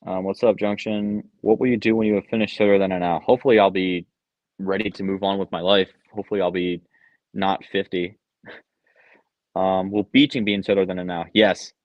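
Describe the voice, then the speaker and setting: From his home basement, a young streamer with a low-pitched voice reads out chat questions and tosses off answers, peppered with ums and uhs. The sound is dull and lo-fi, with no echo.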